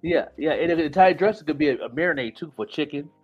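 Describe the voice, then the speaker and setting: A man's voice: on the high side, fast, breathy edge. A man from Buffalo, New York, with a Buffalo accent, chatting casually as a podcast guest, with lots of restarts and easygoing slang. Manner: repetitive restarts, laid-back slang. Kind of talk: casual interview chat. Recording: dull lo-fi sound with faint music.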